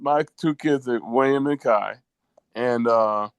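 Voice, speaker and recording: Gravelly man, sentimental storyteller. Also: mid-range voice, takes it slowly, no room sound. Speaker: co-host. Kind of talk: casual podcast chat. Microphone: video call.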